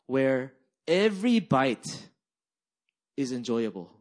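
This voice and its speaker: A young man preaching a sermon as a pastor, animated and conversational, peppering his talk with "right?" and "like". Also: on the high side, measured pace. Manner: animated storytelling, frequent "right?" and "like".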